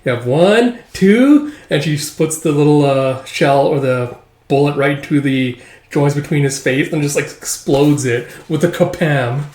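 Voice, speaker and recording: A man casually reading through a manga aloud, excitable and animated, acting out the lines. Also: fairly high pitch, normal speed, echoey room. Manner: excitable, laughs often, acts out lines. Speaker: comic reader and commentator.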